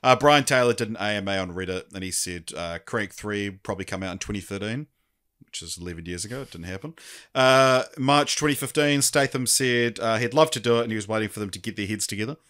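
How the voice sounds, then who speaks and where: A man co-hosting a casual film review podcast, talking with many pauses and restarts. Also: on the low side, fairly bright tone. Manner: hesitant, many ums and restarts. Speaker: podcast co-host.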